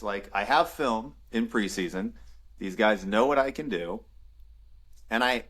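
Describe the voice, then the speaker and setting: A man's voice: fairly low pitch, moderate pace. A man in his thirties, a former football player and podcast guest, telling stories casually with lots of laughter and acted-out dialogue. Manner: animated storyteller, acts out quoted dialogue, laughs often. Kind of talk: casual storytelling interview.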